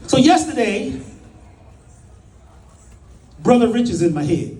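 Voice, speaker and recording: A middle-aged man with a high voice that swings widely as he tells a story in a folksy, dramatic way. He stretches out his pauses for effect. His voice sits back from the mic in an echoey room. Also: very animated, dark tone, distant mic. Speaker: spiritual speaker. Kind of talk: personal storytelling talk.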